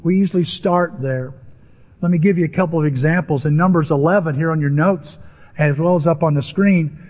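A man preaching a sermon in a church, lively and conversational, acting out voices from the stories he tells. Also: fairly quick. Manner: animated, acts out biblical voices with rising pitch. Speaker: pastor. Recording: muffled sound in a reverberant hall.

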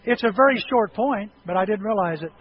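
A pastor preaching a sermon, moving from quiet, conversational talk to impassioned shouting and acting out prayers. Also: male voice, high-pitched, a little fast. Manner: acts out prayers and dialogue. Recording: dull lo-fi with faint noise.

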